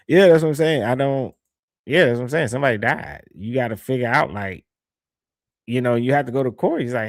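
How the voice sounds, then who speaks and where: A young man, hosting a livestream and giving casual, opinionated commentary in a slangy, animated way that repeats points for emphasis. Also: medium pitch, moderate pace, no room sound, studio quality. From Southern United States. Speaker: livestream host reading super chats.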